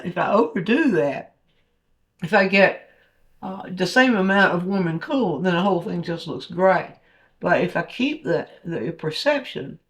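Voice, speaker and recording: Man with a high voice, painting instructor, talks while he works, halting with restarts. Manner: thinks aloud while painting, with fillers and restarts. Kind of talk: painting demonstration talk.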